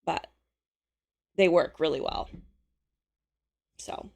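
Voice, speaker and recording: A woman hosting a casual live stream, chatting with viewers and answering their messages, her voice a little hoarse. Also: deep voice, drawn-out words, a little mellow. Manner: chatty, friendly, answers chat messages aloud. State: slightly hoarse.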